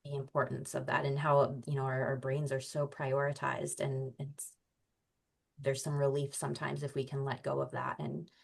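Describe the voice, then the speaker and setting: A woman's voice: very deep voice, monotone, normal speed, gravelly, slightly rough. A woman on a video call sharing a reflection, hesitant, with many ums.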